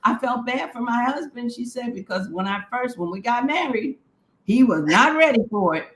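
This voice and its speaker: A woman's voice: on the high side, expressive, moderate pace, a bit bright, roomy sound, low-quality recording. A woman co-hosting a podcast in casual chat, telling stories and acting out the people she quotes. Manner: storytelling, acts out quoted voices with laughter. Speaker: podcast co-host.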